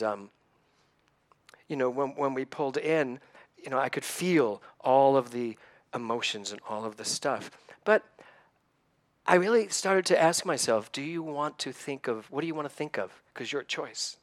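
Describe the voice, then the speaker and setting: A man in his sixties speaks from the pulpit in an earnest, storytelling way, turning to his listeners with questions. His voice sits at an ordinary middle pitch and carries a slight emotional edge. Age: 60s. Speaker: church speaker. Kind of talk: conversational sermon.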